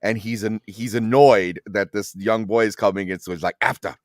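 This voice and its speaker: A man talks through details of a film's shots in a relaxed group chat over a call. His voice sits somewhat low, and the sound is dry. He speaks thoughtfully. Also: normal speed, dry recording.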